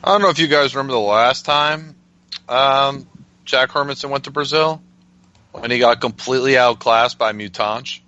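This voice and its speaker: A man's voice: mid-range voice, normal speed, bright, forceful tone, highs cut off. A man hosting a casual podcast, running through the fight card and swearing freely. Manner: loose and profane, leads the segments. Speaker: podcast host. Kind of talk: casual MMA preview talk.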